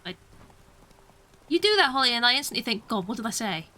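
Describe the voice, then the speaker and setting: Chatty British woman streamer, high and bright. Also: sing-song, a little fast. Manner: chatty, self-mocking, laughs often. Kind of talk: casual gameplay commentary.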